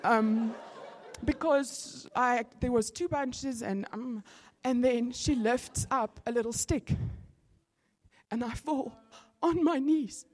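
A middle-aged woman, giving an animated testimony in a sermon, with sudden bursts of excitement. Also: a little high, slow pace.

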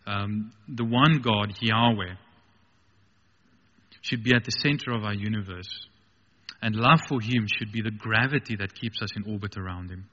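A man's voice: on the low side, moderate pace, sharp tone, big-room sound, muffled recording. A man preaching a sermon with passion, building to emphatic peaks.

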